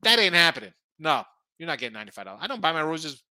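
High, bright-voiced betting show host. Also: male voice, sing-song, rapid-fire, dry recording. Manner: rambling, opinionated, with frequent restarts. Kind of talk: casual sports betting talk.

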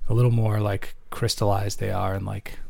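A man's voice: lowish voice, little pitch movement, normal speed, creaky, a little mellow, no room sound. A man co-hosting a casual podcast, who riffs on jokes and bits as he talks. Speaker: podcast co-host.

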